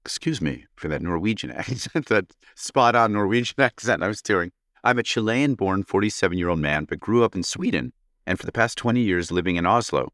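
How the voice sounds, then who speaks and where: A man's voice: sits low, animated, fairly quick, a bit bright, dry recording, clean studio sound. A man co-hosting a podcast, reading a listener's letter aloud in a playful, joking way and laughing often. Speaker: podcast co-host.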